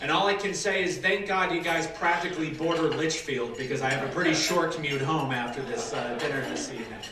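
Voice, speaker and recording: A man from Massachusetts giving a rousing campaign speech at a dinner, building to loud applause lines. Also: a little high, fairly quick. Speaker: political candidate giving a speech. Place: large dinner hall with an audience. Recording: echoey banquet hall, distant mic, crowd noise.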